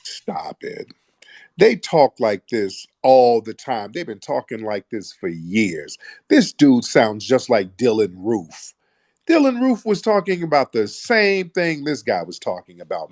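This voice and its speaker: A man's voice: mid-range voice, very animated, measured pace, darkish tone, dry recording, clean studio sound. A man hosting a call-in debate, combative and interrupting, pressing the caller with repeated questions. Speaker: host of an audio chat room.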